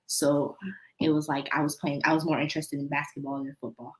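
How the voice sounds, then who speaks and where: A teenage girl telling stories as a guest in a casual interview, animated and acting out what others said. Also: sits low, fairly quick, a little hiss or hum. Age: teens. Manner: animated, acts out her mother's shouting. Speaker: guest, young football player. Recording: roomy echo.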